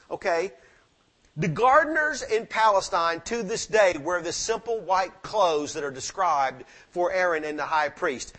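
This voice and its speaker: Fervent husky-voiced man preaching. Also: high voice, expressive, normal speed, fairly bright tone. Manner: fervent preaching that rises and drops sharply. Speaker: pastor. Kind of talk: sermon. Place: church sanctuary with amplified mic.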